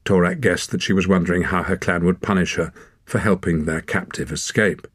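Deep, husky male audiobook narrator. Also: brisk, a bit bright, dry recording, clean studio sound. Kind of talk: scripted narration.

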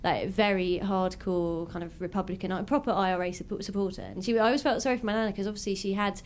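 A woman's voice: mid-range voice, fairly even intonation, fast, a little hiss or hum. A woman in her thirties, from England, hosting a comedy panel show with cheeky, giggly storytelling before a live audience. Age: 30s.

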